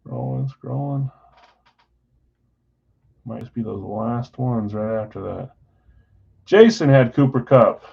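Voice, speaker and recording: A man hosting a live sports card break stream, chatting casually and reading out names and teams in quick lists. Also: mid-range voice, animated, creaky, husky, dull audio.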